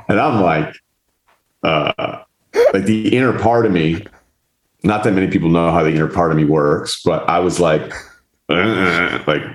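A low-pitched man recounts a dinner story, slipping into the voices of the people he met along the way. His speech is casual and salty. The sound carries a roomy echo. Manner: animated, mimics others in quotes, swears. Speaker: podcast host.

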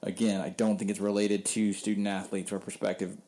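A man's voice: lowish voice, level tone, a little fast, mellow, slight background noise. A man working as a sports reporter, talking candidly in a casual podcast interview, rambling, with frequent ums.

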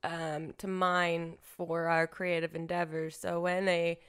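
A woman co-hosting a podcast in casual chat, wry and quick to laugh, often trailing off mid-sentence. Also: fairly low pitch, flat delivery, fairly bright tone, clear, resonant tone. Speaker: podcast co-host.

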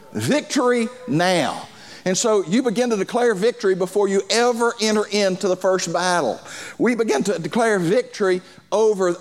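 High-voiced preaching man. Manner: preaching with repeated phrases and call-and-response asides. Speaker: pastor. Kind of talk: sermon.

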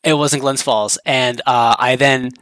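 Man with a bright, forceful tone, dry close mic, chatty co-host. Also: mid-range voice, fairly even intonation, a little slow, no room sound. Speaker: podcast co-host. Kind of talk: casual chat.

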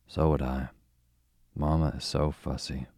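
A man's voice: a bass voice, little pitch movement, measured pace, warm tone, no room sound, clean studio sound, exaggerated voice. A man reading as a cross young girl. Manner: complaining, sighing.

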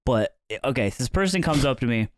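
Man, podcast co-host, lively anecdote teller, mid-pitched voice, dry close sound. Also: fast, dry recording. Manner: animated, acts out quoted people with sudden pitch jumps. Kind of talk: casual storytelling chat.

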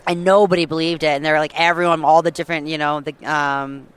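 A woman guest telling a long story with lively excitement, full of fillers and quick restarts. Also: sits low, clear, resonant tone. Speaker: guest hunter. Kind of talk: animated storytelling.

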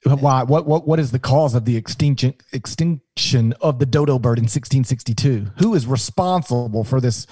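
A man co-hosting a sports podcast, telling stories with animated, joking energy. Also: mid-range voice, normal speed, few pauses, breathy edge, no echo. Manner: animated, jokey storytelling with restarts. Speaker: podcast co-host, sports analyst. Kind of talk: casual podcast banter.

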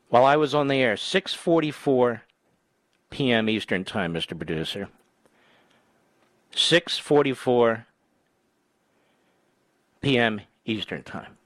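A man hosting a political talk radio show, emphatic, jumping between loud rising outbursts and low asides into a studio microphone. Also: dry recording.

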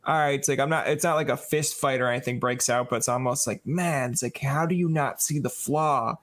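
A podcast host talks at a medium pitch and a slightly quick pace, chatting casually and with plenty of animation. He's an animated storyteller who acts out the voices of the people in his stories.

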